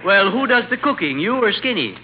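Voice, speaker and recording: A man's voice: high-pitched, very animated, brisk, narrow, tinny audio. A man hosting a 1930s radio comedy, playing the patient straight man with polite questions. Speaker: comedy show host. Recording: hissy old radio broadcast.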